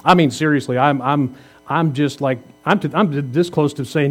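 Speaking briskly in a fairly high-pitched voice with a darkish tone, a fifties-aged pastor preaches in a chatty style. He asks rhetorical questions and jokes with and teases the people in the pews.

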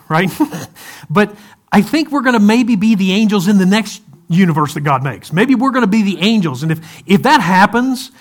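A man preaching a sermon as a pastor, talking conversationally with his congregation, asking them questions and acting out quoted speech. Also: high voice. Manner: animated, acts out quoted speech.

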